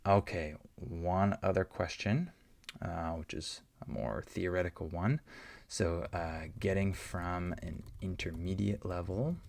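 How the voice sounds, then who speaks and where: A man with a low-sitting, creaky, slightly mellow voice teaches English pronunciation. He answers learners' questions and patiently repeats example words to demonstrate each sound.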